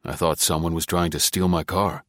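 A man playing a composed, evasive neighbor with a deep, low voice. He speaks politely but coolly and gives little away. The recording is dry and close, in audiobook style. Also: normal speed, no echo. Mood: guarded. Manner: calm, polite, dry and dubious. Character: tall, guarded, evasive male neighbor.

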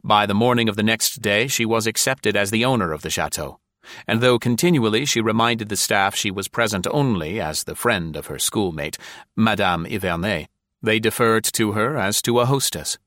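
A man narrating an audiobook in a measured, formal storytelling manner. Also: lowish voice, animated, a bit bright, no echo, clean studio sound.

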